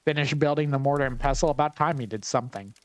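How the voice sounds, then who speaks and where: A man's voice: medium pitch, fast, no room sound. A man giving casual, wry commentary as he plays a cozy game, thinking aloud and teasing characters. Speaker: gameplay commentator.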